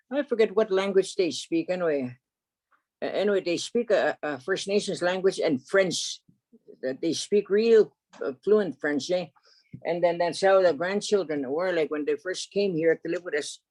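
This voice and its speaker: Older woman telling stories haltingly. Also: fairly low pitch, darkish tone. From Canada. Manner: halting, with many restarts, fillers and a tag "eh?". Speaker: elder storyteller. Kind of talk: unscripted spoken storytelling.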